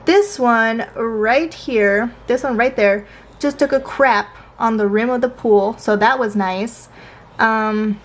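A woman's voice: fairly high pitch, slow, poor audio. A young woman chatting casually and animatedly in a home vlog, swearing now and then. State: out of breath after a workout. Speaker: vlogger.

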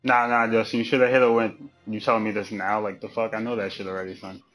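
A man streaming a video game and chatting with friends in a voice party, profane and joking, laughing often and swinging into loud mock outrage. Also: fairly low pitch, level tone, fast, faint music behind. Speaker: gamer streaming live. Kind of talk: casual gameplay chat with friends in a voice party.

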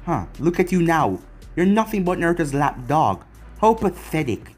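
A man's voice: a little high, very animated, normal speed, soft background music. Man doing Shikamaru, an enraged young ninja. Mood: angry. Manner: angry, shouting insults.

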